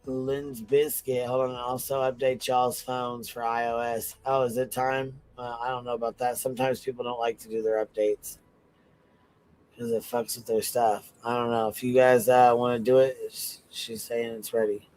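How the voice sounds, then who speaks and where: Male panel guest, mid-pitched, loose and profane, drifting chatter. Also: little pitch movement, normal speed, darkish tone, rough recording. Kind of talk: casual livestream chat.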